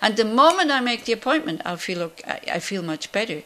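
A woman's voice: on the high side, very animated, brisk, sharp tone. Woman teaching a Buddhist class. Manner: conversational, rhetorical questions, many fillers.

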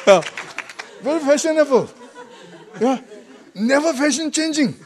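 A man teaching as a Buddhist monk, speaking halting English that is not his first language, often pausing to find a word and chuckling through his points. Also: extremely high pitch, lively intonation, some chatter behind. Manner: broken English, often gropes for words. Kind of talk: dharma talk to a group.

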